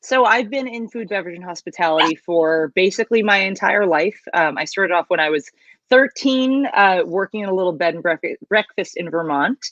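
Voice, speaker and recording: A woman's voice: fairly low pitch, animated, fairly quick, a bit bright, no room sound. A woman from the United States, a drinks brand founder, answering interview questions in an upbeat, fluent way over a video call. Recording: dull, slightly lo-fi remote audio.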